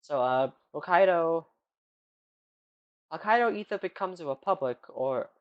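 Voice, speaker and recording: A man's voice: a little high, lively intonation, a little slow, clean tone, highs cut off. A man streaming live, rambling casually as he answers chat questions, with lots of "like" and "you know.".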